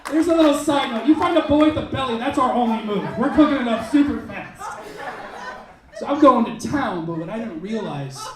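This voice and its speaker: A man doing a stand-up comedy set in a club, telling a crude story in an animated way and shouting his punchlines. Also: very high-pitched, fairly quick. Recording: roomy club sound, mic heard from a distance, crowd laughing. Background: audience laughter.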